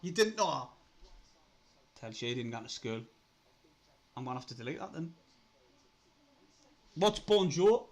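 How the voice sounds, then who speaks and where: A young man with a Sunderland accent, hosting a casual live stream, chatty, laughing often, swearing and getting excitable. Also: medium pitch, moderate pace, long pauses. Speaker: livestream host.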